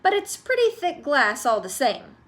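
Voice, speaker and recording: A woman's voice: high voice, wildly swooping pitch, pitched above the performer's own voice. A woman reading aloud and voicing an exuberant, eccentric male candy-maker who gushes with theatrical enthusiasm. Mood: playful. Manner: gushing, theatrical, fast-shifting enthusiasm.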